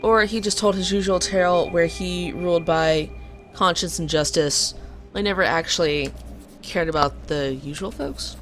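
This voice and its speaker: Solemn nature spirit from a game, low and even, read by a woman. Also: moderate pace, faint music behind, natural voice. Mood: reproachful. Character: ancient genderless forest spirit, calm and ominous.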